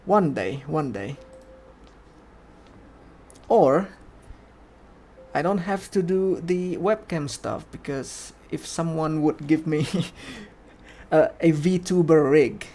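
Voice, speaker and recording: A man's voice: a little high, expressive, slow pace, long pauses, warm tone, slight background noise. A young man streaming a game, chatting in a rambling, casual way with clumsy grammar. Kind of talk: casual chat while playing a game. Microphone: desk microphone, no camera.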